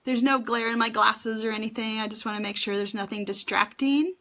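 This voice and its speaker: A woman's voice: fairly high pitch, steady tone, brisk. A woman hosting her first live stream for an essential oils class, chatty and a little nervous, with many ums as she greets viewers. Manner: chatty, warm greetings to viewers, filler-heavy.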